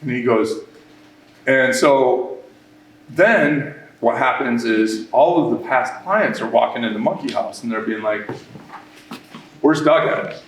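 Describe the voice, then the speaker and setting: A man's voice: mid-range voice, slow pace, long pauses. A man who runs a business, telling an audience a long story about his start, with many restarts and quoted remarks. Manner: rambling, animated, with many restarts. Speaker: business owner speaking at a workshop. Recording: echoey room, mic at a distance.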